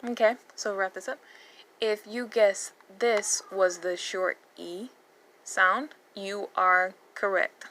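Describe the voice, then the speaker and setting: A woman's voice: mid-range voice, steady tone, takes it slowly, sharp tone. A woman teaching a phonics lesson, patiently repeating letter sounds and words. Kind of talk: slow phonics lesson for learners.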